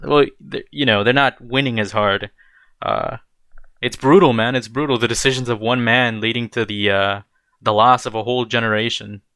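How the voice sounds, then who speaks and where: A man's voice: mid-range voice, fairly even intonation, moderate pace, bright, forceful tone, clear, resonant tone. A young man giving casual, blunt commentary while reacting to a video, rambling and dropping bro and dude.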